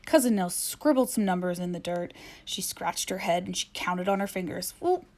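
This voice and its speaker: A woman reading a children's picture book aloud with playful, expressive narration. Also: fairly low pitch, normal speed. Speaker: storybook reader.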